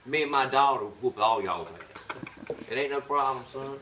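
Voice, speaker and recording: A man's voice: medium pitch, lively intonation, moderate pace, pushed and bright, recorded from a distance, a little hiss or hum. A man impersonating a tough male bandmate who boasts about fighting, in a swaggering drawl.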